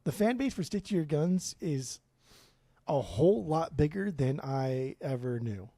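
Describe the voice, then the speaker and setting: A man's voice: on the high side, lively intonation, measured pace, warm tone, no echo. A man in his forties from Southern California, co-hosting a podcast with blunt, profane opinions. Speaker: podcast co-host. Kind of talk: casual podcast chat.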